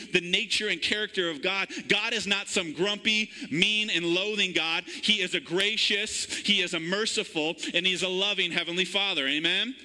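In a low-quality recording, a high-pitched man with a sharp tone preaches to his church as pastor. He works in call-and-response fashion, asking the congregation for an amen.

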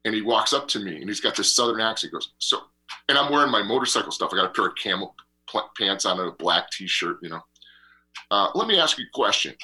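A man co-hosting a radio talk show, telling a rambling travel story in an animated way and laughing often. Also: lowish voice, quick pace, breathy edge. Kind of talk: casual chat and travel storytelling.

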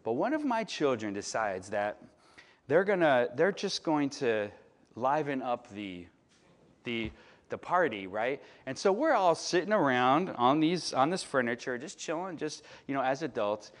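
A man in his late thirties from Chicago, preaching in a relaxed storytelling way and often asking the audience "right?" and "you know?". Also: medium pitch, unhurried. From Chicago, United States. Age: late 30s. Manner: chatty, filler-heavy, asks the audience "right?". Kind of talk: conversational sermon storytelling.

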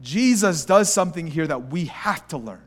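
A man preaching a sermon as a pastor, swinging between hushed, slow words and raised, urgent ones. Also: a little high, animated. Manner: acts out voices of people in the story.

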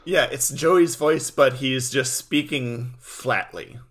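A man's voice: medium pitch, takes it slowly, a bit bright. A man co-hosting a casual recap chat with dry, wry commentary. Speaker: podcast co-host.

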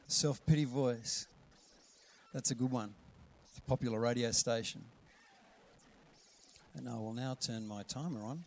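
A man preaching a sermon in a conversational way, acting out quoted voices and dropping to a hush for gentle lines. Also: medium pitch, a little slow, long pauses, slight background noise. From Australia. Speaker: pastor.

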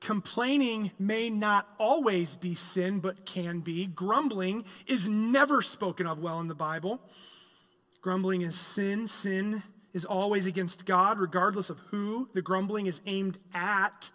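A man preaching a sermon in a church sanctuary. His voice sits high and bright, and it rings out through a long hall reverb. He swings between loud, emphatic passages and hushed, reflective asides. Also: measured pace. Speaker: pastor.

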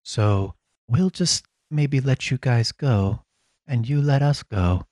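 A man acting as game master in a tabletop role-playing session, voicing the characters he runs in a calm, measured way. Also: mid-range voice, dry recording, clean studio sound.

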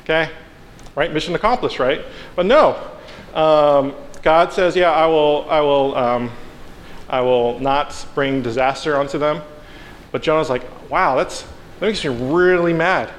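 A man's voice: a little high, a little slow. A man preaching a casual sermon, telling a story with playful asides and acting out the characters. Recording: long hall reverb, faint background noise.

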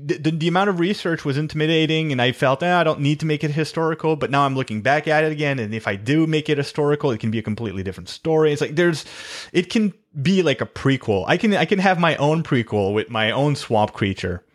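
A man's voice: fairly high pitch, expressive, fast, hardly any pauses. Rambling upbeat man on a podcast. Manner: rambling, self-correcting, upbeat. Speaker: podcast co-host, writer. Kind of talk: casual chat. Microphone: remote call mic.

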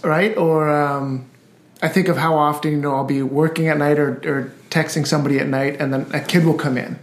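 A man's voice: on the high side, steady tone, brisk. A man, a guest parent, speaking thoughtfully in a casual parenting discussion, with frequent "right?" tag questions. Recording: roomy echo.

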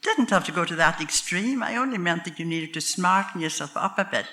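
A woman's voice: lowish voice, expressive, a little fast, sharp tone. An older woman with a Northern Irish accent telling a true story from her own life at a live storytelling night, in a homely, wry, self-mocking way. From Northern Ireland.

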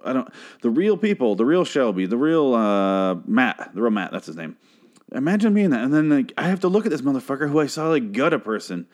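A man's voice: medium pitch, very animated, fairly quick. Ranting young man recapping a show. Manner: ranting, profane, exasperated.

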